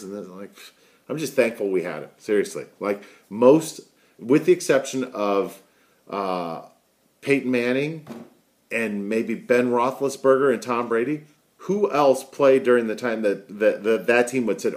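A man's voice: mid-range voice, expressive, moderate pace. A middle-aged man hosting a casual daily video show from home on a headset mic, rambling and chatty with frequent "right?" asides. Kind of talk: casual daily talk to camera.

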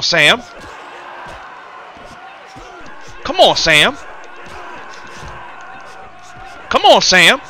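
A man's voice: high-pitched, pushed and bright, full character voice. A man voicing a cocky heavyweight boxer, commentating a game in character with taunting, rhyming trash talk. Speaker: gaming commentator.

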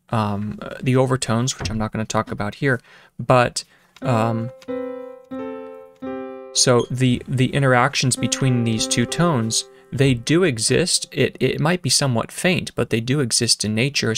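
Man teaching music at a keyboard. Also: mid-range voice. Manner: loose, thinking aloud with fillers and restarts; hums and counts rhythms aloud. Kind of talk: casual lecture with keyboard demos. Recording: piano playing in the background.

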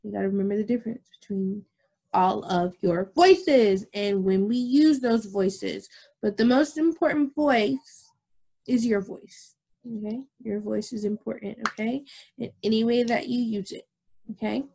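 A woman music teacher with a medium-pitched, slightly rough voice and vocal fry talks young children through a recorded lesson. She goes slowly and patiently, repeats herself, and checks in often with "okay?" She also demonstrates whispering and shouting voices.

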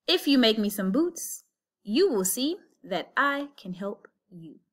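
A woman's voice: fairly high pitch, sing-song, slow pace, full character voice. A woman reading aloud and voicing a boastful, clever talking male cat in a storybook. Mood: sly. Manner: bold, scheming, showy.

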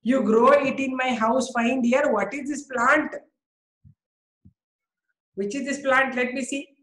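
Indian woman teaching biology to a class, pitched a bit high, keeps asking and praising students, echoey room. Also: steady tone, takes it slowly, fairly bright tone. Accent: Indian English. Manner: coaxing, repeats questions, praises students by name.

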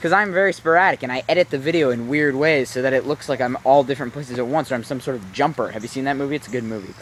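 A man's voice: medium pitch, a bit bright, slight background noise. Tired, rambling young man vlogging outdoors. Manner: rambling, self-mocking, talks in quick tangents. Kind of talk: rambling casual vlog. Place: outdoors, walking a dog in rainy weather.

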